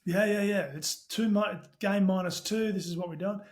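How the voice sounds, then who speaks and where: Fast-talking Australian man, high voice. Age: middle-aged. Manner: animated storyteller, talks fast with casual swearing. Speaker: podcast guest, tech company CEO. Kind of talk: casual podcast chat.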